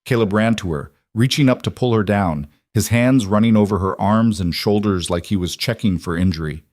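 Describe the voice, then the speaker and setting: A man giving scripted storybook narration of a western tale, dramatic and measured, in a dry, close recording. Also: lowish voice, darkish tone, dry recording.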